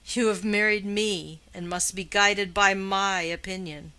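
A woman's voice: expressive, gravelly, sharp tone, heavily acted, poor audio. A woman voicing a cold, sneering aristocratic husband. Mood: imperious. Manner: slow, low, imperious drawl. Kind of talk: audiobook character reading.

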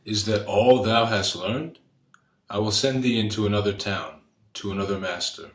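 A stern aged count with a fierce temper, as a male narrator puts him on. He speaks in slow, archaic commands with a lowish voice, and the reading echoes around a roomy space. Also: close to an everyday voice. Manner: archaic, commanding, thundering when angry. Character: stern old count, quick to rage.

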